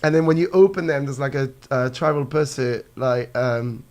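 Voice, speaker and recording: A man's voice: mid-range voice, moderate pace, a little mellow. A man from France with a French accent, chatting casually over drinks, laughing often and padding his talk with fillers. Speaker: guest.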